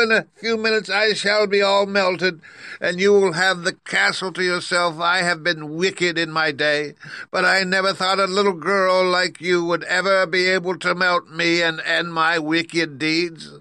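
A man's voice: high-pitched, fairly even intonation, a little slow, bright, forceful tone, clear, resonant tone, no echo, pitched above the performer's own voice, exaggerated voice. A man voicing a desperate, wailing old wicked witch in a storybook reading.

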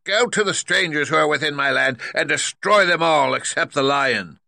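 A man voicing a fierce, commanding wicked old witch who chants spells in a shrill voice in a storybook reading. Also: expressive, normal speed, creaky, sharp tone, no room sound, studio quality, heavily acted.

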